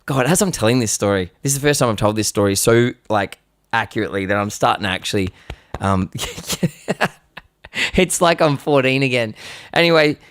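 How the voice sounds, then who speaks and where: A man's voice: fairly high pitch, clear, resonant tone, no room sound. A man live-streaming from his studio, telling a story casually and animatedly, with many restarts and the odd swear. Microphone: live-stream microphone.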